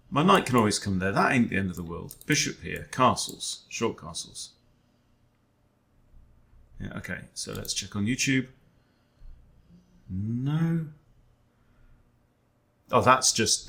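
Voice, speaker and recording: A man with a fairly low, gravelly voice talks through a chess game as he plays it. He is wry and self-deprecating and often mutters his thoughts half to himself. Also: bright, forceful tone. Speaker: chess coach. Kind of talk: thinking aloud during an online chess game.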